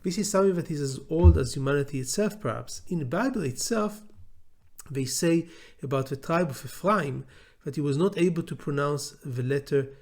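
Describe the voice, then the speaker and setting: A middle-aged man with an Israeli accent gives an unscripted lecture as a law professor. His voice sits a little high, and he pauses often, filling gaps with fillers and restarting his sentences. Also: a little mellow. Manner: hesitant, many fillers and restarts.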